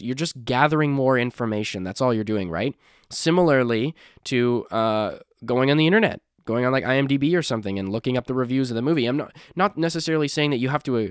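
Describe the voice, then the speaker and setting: A man's voice: medium pitch, clean tone, no echo, studio quality. A young man hosting a casual solo podcast, rambling with restarts and apologetic asides. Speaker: podcast host.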